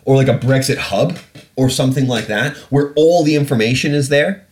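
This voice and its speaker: A man's voice: mid-range voice, normal speed, a little mellow. A British man hosting a podcast, ranting bluntly and profanely about politics. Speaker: podcast host. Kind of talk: casual ranting commentary.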